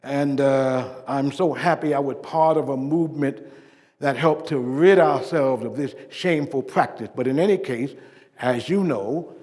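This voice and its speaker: On stage, a man portrays a dignified civil rights preacher, telling his own life story in the first person as a living-history performer. The oratory is measured, rising emphatically before sinking to a hush. His voice is natural and mid-pitched, with the sound of a big room.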